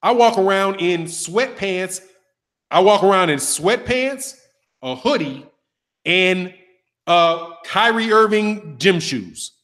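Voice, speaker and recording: A middle-aged man hosting a boxing channel, talking in a casual, animated, profane monologue. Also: high voice. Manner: animated, profane, acts out voices of others.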